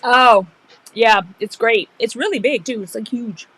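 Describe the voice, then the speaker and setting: A woman co-hosting a casual livestream, making slow, dry teasing remarks. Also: on the high side, fairly bright tone, breathy edge, dry recording, poor audio.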